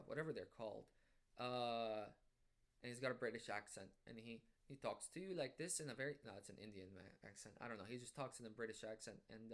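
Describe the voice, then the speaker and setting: Rambling, self-conscious man at home. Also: medium pitch. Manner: rambling, self-conscious, many fillers and restarts; reflective, reassuring. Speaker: vlogger. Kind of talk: casual rambling monologue to camera. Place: at home indoors.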